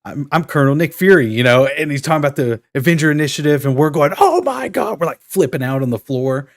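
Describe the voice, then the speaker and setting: A man in his thirties chats casually on a podcast, steady mid-range voice. He tells stories with rising excitement and acts out the lines he quotes. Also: mid-range voice, fast. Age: 30s. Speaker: podcast co-host. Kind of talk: casual chat.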